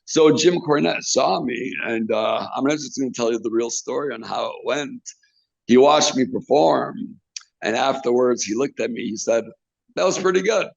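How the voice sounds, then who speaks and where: Gravelly guy telling wrestling stories, acts out all the quotes, kinda dull lo-fi sound. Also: medium pitch, normal speed, dry recording. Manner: animated, acts out quotes in others' voices. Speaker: wrestling manager and trainer. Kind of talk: interview storytelling. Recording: dull lo-fi recording.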